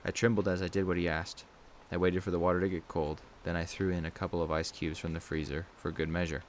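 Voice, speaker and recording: A man giving a steady, measured first-person reading of a scary story as the channel's narrator. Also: sits low, slight background noise. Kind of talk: scripted horror narration.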